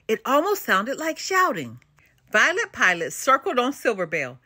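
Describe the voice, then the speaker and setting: An older woman reads a children's storybook aloud, full of expression. Her voice is bright and lively, a bit high for a woman, and recorded close and dry. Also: normal speed, husky, no echo. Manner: expressive and animated. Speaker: storybook reader. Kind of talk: children's read-aloud narration.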